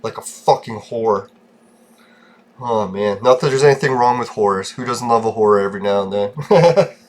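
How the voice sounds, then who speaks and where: A man's voice: lowish voice, moderate pace. Foul-mouthed ranting gaming vlogger, a man. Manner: profane, ranting, easily irritated. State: short-tempered. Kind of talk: casual gameplay commentary.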